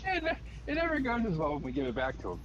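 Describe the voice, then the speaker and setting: A man's voice: on the high side, huge pitch swings, fast, lo-fi sound. A man in a casual chat, telling stories and making comments in a dry, blunt way.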